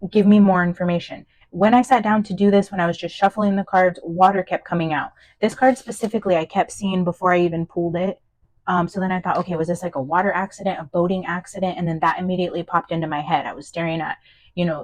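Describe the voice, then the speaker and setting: A young woman talking casually through a tarot and psychic reading, chatty, excitable and unsure of herself. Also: on the low side, no room sound, low-quality recording. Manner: chatty, self-doubting, excitable. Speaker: tarot reader and medium. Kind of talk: casual channeled-message reading.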